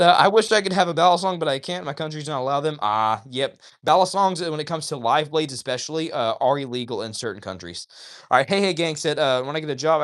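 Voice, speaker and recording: A man hosts a casual livestream, speaking in a voice a little higher than most men's. He is chatty and upbeat, reads viewers' comments aloud and greets them by name. The sound comes through a phone microphone. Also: fairly bright tone. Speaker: livestream host reading chat.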